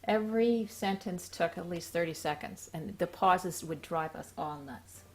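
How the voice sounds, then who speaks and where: A woman's voice: on the low side, measured pace. A middle-aged woman giving casual, conversational commentary over old family video footage. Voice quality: conversational, chiming in. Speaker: co-narrator of family film.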